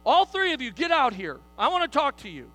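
A man's voice: very high-pitched, sing-song, fairly quick, big-room sound, full character voice. A man playing a stern parent summoning kids. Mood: commanding. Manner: loud, commanding. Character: stern parent calling children to stand before him.

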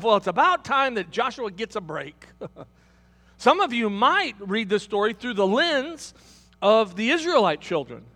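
A male pastor, preaching a sermon in an animated storytelling manner and asking the congregation questions. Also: high voice, long reverb tail.

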